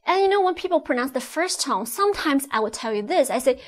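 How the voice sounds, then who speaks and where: A woman's voice: high voice, expressive, a little fast. A woman teaching Mandarin tones, explaining patiently step by step and modelling each sound. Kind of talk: online language lesson.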